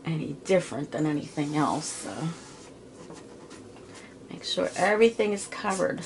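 A woman's voice: sits low, animated, moderate pace, gravelly, pauses often, noisy background. A middle-aged woman giving a casual, chatty painting tutorial from her home studio, with homey asides as she works. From Pittsburgh area. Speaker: art teacher.

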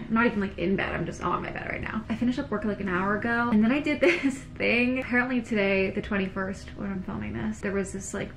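A young woman chatting casually to her viewers in a home vlog, bubbly and chatty as she cooks and winds down in her apartment. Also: medium pitch. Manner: chatty, bubbly, talks to viewers while cooking. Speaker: vlogger. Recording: home recording with clear background noise.

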